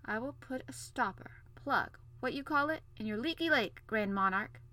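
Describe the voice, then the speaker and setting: A woman reading a calm polite young prince. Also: a little high, normal speed, slight background noise, voice pushed up, low-quality recording. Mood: cool. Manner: calm, polite, a little wistful.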